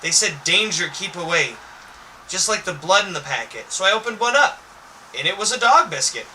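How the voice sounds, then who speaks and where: A man's voice: high voice, sing-song, normal speed, pushed and bright, heavily acted. A man doing a cocky know-it-all boy. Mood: smug. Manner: cocky, teasing. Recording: distant mic with faint noise.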